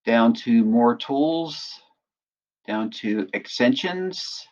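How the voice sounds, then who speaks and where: A man acting as instructor, patiently walking through a software tutorial and often checking in with listeners. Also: medium pitch, expressive, extremely slow, lo-fi sound. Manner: patient step-by-step explaining, often checks in with "right?". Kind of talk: screen-recorded software tutorial.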